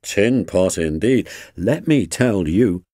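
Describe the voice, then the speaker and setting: A man's voice: lowish voice, lively intonation, takes it slowly, dark tone, dry recording, studio quality. A man voicing a proud, no-nonsense male tank engine who talks in an indignant way.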